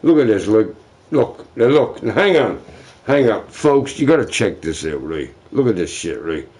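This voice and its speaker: A man's voice: lowish voice, sing-song, normal speed, a little mellow. A man rambling casually on his livestream, profane and self-mocking, chuckling between remarks.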